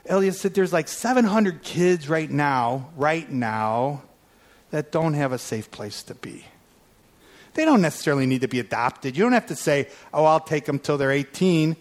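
High-voiced man preaching with animated storytelling. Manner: animated storyteller, acts out quoted prayers and calls. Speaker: guest preacher. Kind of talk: sermon storytelling.

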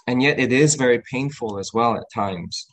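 A man delivering a sermon at a mid-range pitch. His tone is earnest, and he often breaks off to restart a phrase. When he voices the people he quotes, his pitch climbs. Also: a bit bright, rough recording. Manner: earnest, acts out quoted lines with rising pitch; halting with restarts and fillers. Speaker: preacher.

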